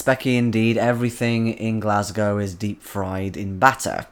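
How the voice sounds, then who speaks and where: A man's voice: fairly low pitch, moderate pace, few pauses. A man from the Isle of Man hosting a live stream, chatting casually and reading out viewer comments, rambling with frequent ums. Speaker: livestream host reading chat.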